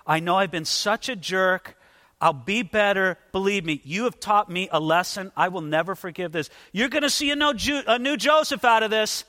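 A preacher acting out a desperate young man trapped at the bottom of a pit, begging for rescue in a high, strained voice. The pleading rings with a long hall reverb, bright and urgent. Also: normal speed. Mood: groveling. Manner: pleading, frantic.

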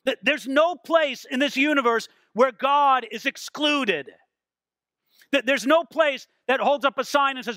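Animated high-voiced male preacher. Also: dry recording. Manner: animated preaching with acted quotes, dramatic slowdowns. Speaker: pastor. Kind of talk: sermon.

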